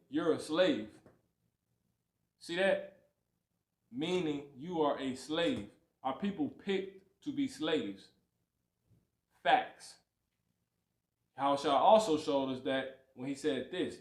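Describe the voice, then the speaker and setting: A man's voice: on the high side, slow, pauses often, reverberant. A man teaching a livestreamed Bible lesson in a preachy, repetitive way, often asking "you see?". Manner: preachy, repeats "you see" and "you know what I'm saying", animated swings. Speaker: scripture teacher.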